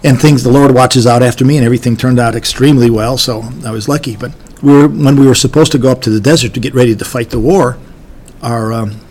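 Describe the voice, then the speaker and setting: A man's voice: medium pitch, fairly even intonation, fast talker, a little mellow. An older army veteran gives an oral history recollection of his service, talking in a folksy, rambling way with many restarts.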